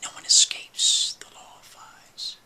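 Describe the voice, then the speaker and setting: A man voicing an eerie couple in a painting, in a slow, breathy, unvoiced chanting whisper. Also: pushed and bright. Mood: ominous.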